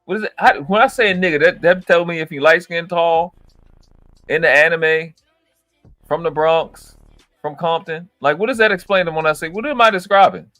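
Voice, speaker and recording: A man hosting a live reaction stream rants profanely and in exasperation, heavy on slang, lurching between loud outbursts and low mutters. He talks at normal speed, with no echo and faint music in the background.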